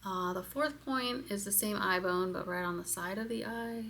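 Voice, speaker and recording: A woman's voice: mid-range voice, normal speed, creaky, fairly bright tone, a little hiss or hum. A woman giving a candid, hesitant self-help lesson, with many fillers as she explains step by step. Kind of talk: casual personal instruction video.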